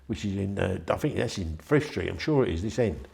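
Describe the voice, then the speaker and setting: A man's voice: low-pitched, lively intonation, fairly quick, gravelly, darkish tone. An older man, telling a rambling, chatty story in an interview and acting out the voices of the people in it. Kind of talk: anecdotal storytelling.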